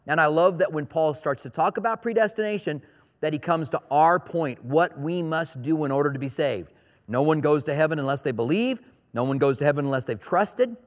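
A pastor delivering a sermon, reading scripture aloud and then explaining it in casual asides. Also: male voice, on the high side, in a large hall.

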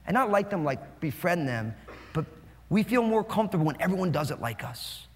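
A male pastor from New Jersey preaches a lively, humorous sermon, talking fast, animated and joking. His voice sits high for a man, and long reverb from a large hall rings around it.

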